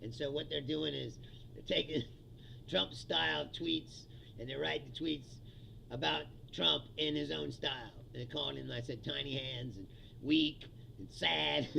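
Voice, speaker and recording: A man's voice: a little high, unhurried, gravelly, sharp tone, a little hiss or hum, poor audio. A man hosting his own livestream, ranting about politics in a heated, profane, laughing casual style. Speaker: livestream host.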